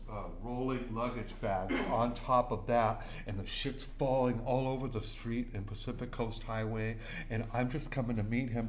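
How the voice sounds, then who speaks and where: A man's voice: lowish voice, slight background noise. A middle-aged man, sharing his recovery story at a meeting in an intense, profane, repetitive way. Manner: intense, profane, repeats himself. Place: recovery center meeting room.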